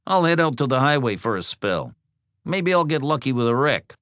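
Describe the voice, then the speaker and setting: A man voicing a friendly, energetic male mechanic who talks with light, helpful concern. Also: on the low side, unhurried, dry recording, studio quality.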